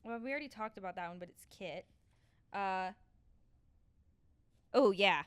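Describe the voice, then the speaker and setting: A woman's voice: medium pitch, animated, moderate pace, a bit bright, smooth. A woman co-hosting a book club podcast, chatting casually and reading passages aloud with playful giggles. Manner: giggly, playful, breaks into laughter. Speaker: podcast co-host.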